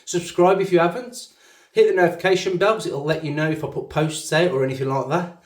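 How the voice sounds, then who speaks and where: A man's voice: fairly high pitch, steady tone, fast. A man with a Black Country accent chatting in a rambling, self-mocking way while he shaves at a bathroom sink. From English West Midlands. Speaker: shaving channel host. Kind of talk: casual chat while shaving. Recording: echoey bathroom sound.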